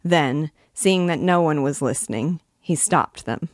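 A woman reading a classic novel aloud in a measured, expressive way. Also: low-pitched, dry recording, studio quality. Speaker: reader and teacher.

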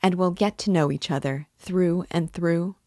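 Woman reader as a sarcastic young suspect; low, level, dry close read. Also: a little mellow, no echo. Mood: sardonic. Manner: measured, sarcastic. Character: cool, sardonic young man under suspicion.

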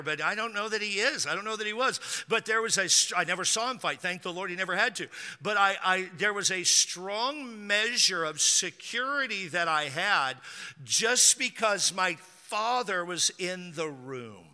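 A man's voice: high-pitched, sharp tone, big-room sound. A man preaching a sermon as a pastor, telling stories in a conversational way with dry jokes.

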